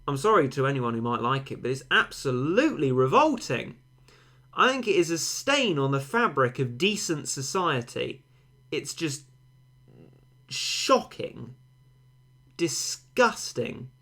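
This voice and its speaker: A man's voice: mid-range voice, big pitch swings, moderate pace, pushed and bright. A young man, a game streamer, chatting casually and rambling, answering viewer comments with mock-dramatic overstatement.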